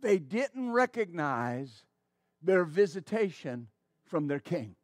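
A man's voice: a little high, very animated, slow pace, no echo, studio quality. A man preaching a sermon as pastor, fervent and exclaiming praise, with stammering restarts.

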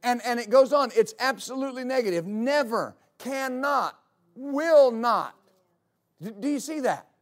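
A high-pitched man preaching a sermon as pastor of his church. He hammers home key lines by repeating them, his delivery rising to emphatic peaks. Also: animated, unhurried.

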